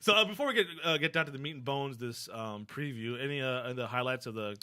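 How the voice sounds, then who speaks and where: A man hosting a casual sports podcast, upbeat and quick, laughing often. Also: medium pitch, sharp tone, clean tone. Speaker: podcast host.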